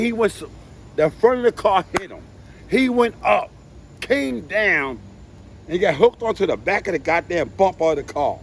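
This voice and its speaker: Gravelly New man telling street stories. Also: high-pitched, slight background noise. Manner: profane, animated street storytelling with sound effects. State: has been drinking. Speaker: interviewee. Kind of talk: casual storytelling.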